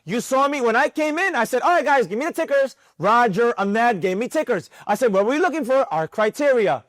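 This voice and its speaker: This is a very high-pitched man teaching a live trading mentorship class with students present. He talks fairly quickly in an animated, sermonizing manner, repeating himself for emphasis, and there's no echo.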